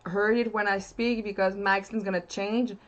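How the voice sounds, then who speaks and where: A woman's voice: medium pitch, steady tone, normal speed, poor audio. A woman with a French accent, a native French speaker, chatting casually as a livestream co-host, a little hesitant and playful. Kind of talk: casual chat.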